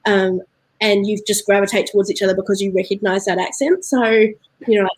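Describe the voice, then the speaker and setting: Guest spot: New Zealand woman, husky, dry close sound, easygoing chatter. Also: medium pitch, fairly even intonation, brisk, a little mellow, dry recording, low-quality recording. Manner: chatty, laughs often, many fillers. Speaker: guest from a beer importer. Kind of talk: casual video-call chat.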